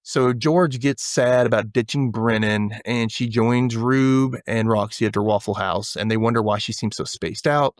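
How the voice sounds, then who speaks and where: Male podcast host, middle pitch, lively recap chat, dry close-mic sound. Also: moderate pace, few pauses, no echo. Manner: animated retelling, acts out characters' lines.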